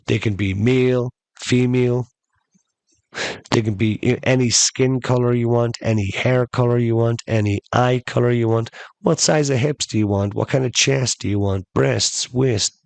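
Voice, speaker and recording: A man voicing a casual, offhand male genie who talks in an unhurried, matter-of-fact way. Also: mid-range voice, dry recording, lightly acted.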